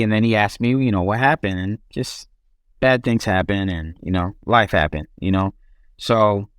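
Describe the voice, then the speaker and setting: A man's voice: fairly low pitch, dry recording, studio quality. A young man, a podcast guest, telling his own story in casual speech with frequent restarts and fillers.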